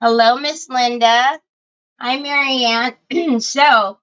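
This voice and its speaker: A middle-aged woman from Northern California hosting a craft livestream from her home desk, chatting slowly with viewers and greeting them by name, her voice squeaky and hoarse from a cold and interrupted by frequent throat clearing. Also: pushed and bright, dull audio.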